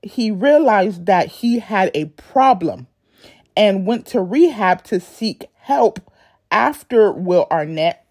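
A woman's voice: mid-range voice, expressive, slow pace, darkish tone, no echo, clean studio sound. A woman narrating a celebrity life story in a chatty video style, with casual asides to her viewers. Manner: chatty asides, self-conscious about censored words. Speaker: YouTube narrator.

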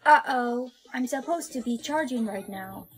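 A woman's text-to-speech voice playing a curious female household robot in a flat, synthetic way. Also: fairly high pitch, a little slow, slightly rough.

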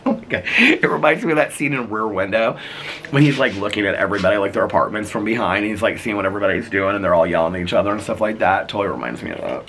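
A man's voice: on the low side, rapid-fire, fairly bright tone, a little hiss or hum. A man in his fifties vlogging outdoors in his neighborhood, chatting in a meandering, storytelling way and laughing often. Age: 50s. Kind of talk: casual rambling vlog chat. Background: faint outdoor ambience with birds.

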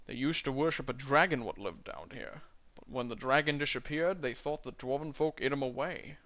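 A man's voice: medium pitch, normal speed, fairly bright tone, natural voice. A man voicing a blunt old male dwarf miner in a mock Scottish accent, stumbling over the lines as he reads. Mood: gruff.

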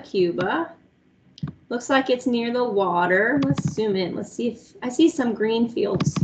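Upbeat teacher woman, slightly high voice. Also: dull audio, slight background noise. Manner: upbeat, talks to kids directly with lots of "guys" and "all right". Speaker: music teacher. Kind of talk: online music lesson for young children.

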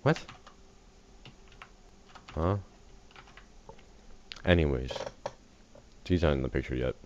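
A man's voice: rumbling low, takes it slowly. A tired man rambling and joking through casual game commentary, easily distracted. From USA. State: tired, just woke up. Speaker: gaming channel host. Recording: dull lo-fi recording with faint hiss.

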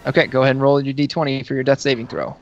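A man running a tabletop game as dungeon master, narrating the action and calling turns with a relaxed, laughing manner. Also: mid-range voice, racing. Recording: dull lo-fi sound with faint music.

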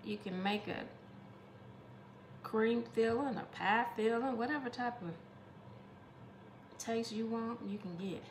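A woman's voice: on the high side, slow, long pauses, echoey room, a little hiss or hum. Chatty woman calling viewers honey. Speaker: home cooking vlogger. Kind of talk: casual cooking demonstration.

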